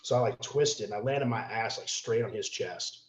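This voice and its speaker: A lowish male voice at a moderate pace belongs to a podcast guest telling a story. He's casual, animated and profane, acting out the quotes of the people in it, and the recording sounds roomy and somewhat dull.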